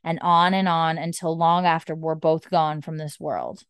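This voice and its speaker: Grieving old blind matriarch, read by a woman in a low, smooth voice. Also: fairly even intonation, normal speed, no echo. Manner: reads the lines out plainly from a script.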